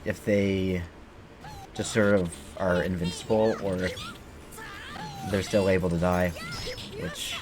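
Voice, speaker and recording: Low-voiced man rambling over gameplay. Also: wildly swooping pitch, slow pace, long pauses, noisy background. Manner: rambling, joking, swears freely. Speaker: game streamer. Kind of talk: casual gameplay commentary.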